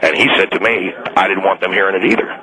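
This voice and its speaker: A man's voice: low-pitched, fairly even intonation, fast talker, sharp tone, low-quality recording. A man playing an indignant, fired mall Santa on a radio call-in, stubborn and self-righteous, rambling with restarts. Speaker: caller.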